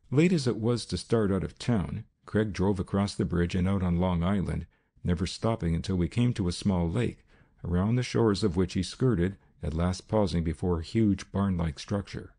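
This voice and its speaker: A man narrating a detective audiobook in a steady, measured way. His voice is very low, gravelly and husky, with a dark tone. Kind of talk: first-person audiobook narration.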